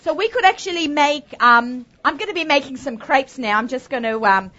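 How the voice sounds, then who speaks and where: An Australian cooking show host runs a live demonstration, chatty and upbeat with plenty of asides. Her high voice is expressive, brisk, pushed and bright, heard through dull lo-fi sound.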